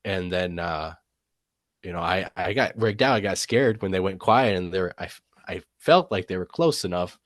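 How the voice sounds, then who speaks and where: Male guest, very low voice, dry close sound, rambling storyteller. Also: normal speed, no room sound. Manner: rambling, many fillers and "and stuff". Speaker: guest telling an encounter story. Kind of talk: casual storytelling.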